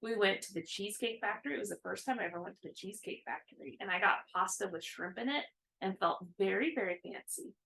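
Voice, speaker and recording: Woman, thirties, gravelly fry, casual rambling chat, lots of fillers. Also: medium pitch, quick pace, pushed and bright, poor audio. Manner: rambling, chatty, with many fillers. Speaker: co-host of a cross-stitch video chat.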